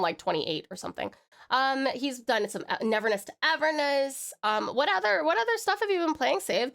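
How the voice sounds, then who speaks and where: A woman from Australia with a slightly high voice chats loosely on a live stream, reading messages and rambling through restarts and fillers. She sounds giggly and loopy, with her throat a little hoarse.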